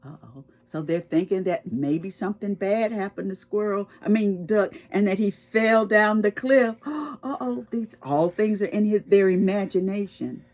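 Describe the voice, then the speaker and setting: A woman reading a picture book aloud to preschoolers, explaining words and asking the children questions as she goes. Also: medium pitch. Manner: expressive, slow and explaining to children. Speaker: children's storytime reader.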